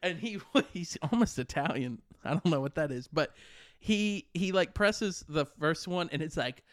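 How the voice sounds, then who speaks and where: A man's voice: on the high side, animated, moderate pace, dry recording, clean studio sound. A man co-hosting a casual chat, telling stories animatedly and laughing often.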